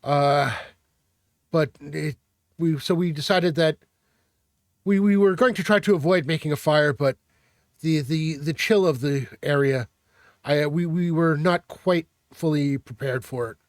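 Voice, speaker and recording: A man's voice: a little high, dry recording, studio quality. A man voicing an earnest young male squire who stammers and speaks dutifully. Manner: halting, stammering.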